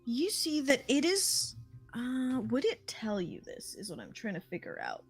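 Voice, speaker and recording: A woman running a tabletop game as game master, talking hesitantly with many pauses and fillers. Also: sits high, wildly swooping pitch, vocal fry, husky, faint music behind. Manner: hesitant, many ums and likes.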